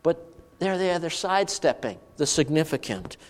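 A man's voice: a little high, lively intonation, moderate pace, big-room sound. A man preaching a sermon, asking the congregation rhetorical questions as he goes. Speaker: pastor.

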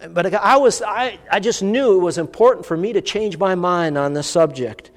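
A man's voice: high-pitched, moderate pace. A man preaching a sermon, telling a personal story in an earnest, vivid way. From United States. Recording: long hall reverb.

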